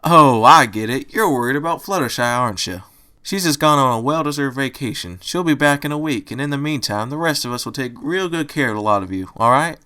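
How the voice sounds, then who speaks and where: A man's voice: medium pitch, expressive, brisk, sharp tone, clean tone, voice pushed up. A man voicing a cheerful farm mare with a Southern accent and a folksy, hearty drawl.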